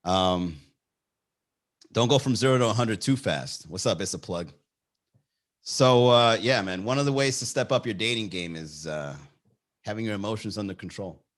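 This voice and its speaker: A man's voice: on the low side, moderate pace, pauses often. A man hosting a comedy podcast, riffing casually in a rambling, profane way and reacting to live chat.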